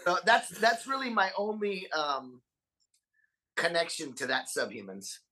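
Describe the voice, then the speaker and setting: Man, podcast guest, bright forceful voice, lively storyteller. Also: a little high, a little slow. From Texas, USA. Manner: animated, swears freely, acts out quotes. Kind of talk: casual storytelling chat.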